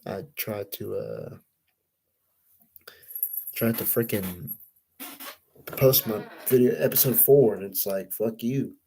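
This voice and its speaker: Husky-voiced man ranting about football. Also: on the low side, slow, pauses often, warm tone, rough recording. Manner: frustrated, profane, rambling. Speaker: podcast host. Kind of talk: casual sports rant.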